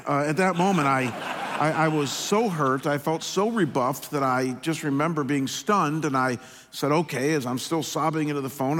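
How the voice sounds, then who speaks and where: A middle-aged male pastor telling a personal story in a sermon, slow and earnest, often pausing. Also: a little high. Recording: long hall reverb.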